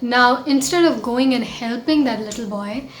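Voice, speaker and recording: A woman speaks in an earnest, conversational way, often restarting her sentences as she tells a story and reflects on it. Her fairly high voice echoes around a roomy space while soft music plays in the background. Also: moderate pace. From India. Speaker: host and mindfulness coach. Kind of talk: storytelling vlog talk. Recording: roomy echo, faint music.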